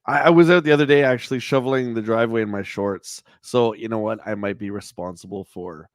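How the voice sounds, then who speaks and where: A man's voice: fairly low pitch, quick pace, no echo, studio quality. Sick, nasal Canadian man. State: sick, stuffy. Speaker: guest. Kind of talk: casual chat.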